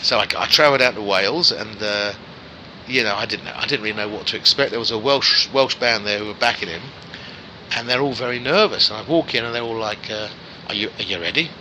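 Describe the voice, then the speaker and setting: A man's voice: fairly low pitch, brisk, slight background noise, low-quality recording. A man in his forties, a guest musician, telling anecdotes in a casual chat and acting out the voices of the people in them. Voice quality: animated raconteur who acts out voices in his anecdotes.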